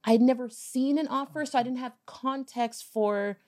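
A woman with a fairly high voice talks as a podcast guest. She tells her story in an animated, conversational way, slipping into other people's voices for quoted lines and cursing casually. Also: moderate pace. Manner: animated, acts out quoted dialogue, swears casually. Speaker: podcast guest, business owner.

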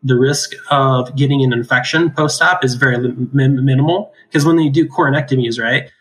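A man's voice: medium pitch, fairly quick, a bit bright, rough recording. A man who works as an oral surgeon, explaining extraction cases in a casual chat, laughing often and tagging his points with "right?". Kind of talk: casual clinical discussion.

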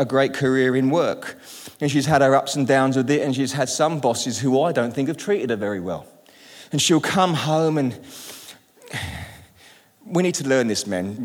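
A middle-aged British man preaching a sermon in a church, lively and humorous, calling out to the congregation. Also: mid-range voice, normal speed. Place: church hall. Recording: long reverb in a large hall.

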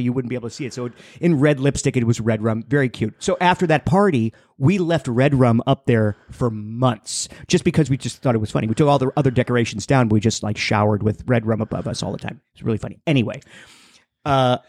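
A young man telling a long, rambling story on a casual podcast, jumping into high-pitched voices for the people in it. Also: no echo. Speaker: podcast co-host.

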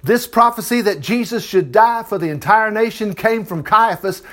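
A preacher, teaching a Bible passage in a chatty sermon full of rhetorical questions. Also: male voice, sits high, normal speed, a bit bright.

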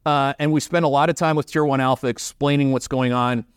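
A man's voice: medium pitch, steady tone, fairly quick, smooth, no echo, studio quality. A Canadian man hosting a market commentary show, talking bluntly and emphatically with many fillers. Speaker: investment show host.

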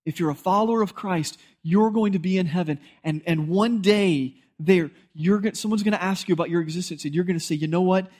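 A man's voice: high-pitched, brisk, hardly any pauses, darkish tone. A male pastor, preaching a sermon in a conversational, storytelling way and acting out bits of dialogue.

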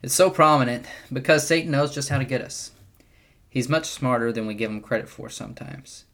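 A young adult man hosting a podcast, giving an earnest, measured devotional teaching with occasional wry asides. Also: mid-range voice, fairly even intonation, vocal fry, fairly bright tone. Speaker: podcast host teaching the Bible.

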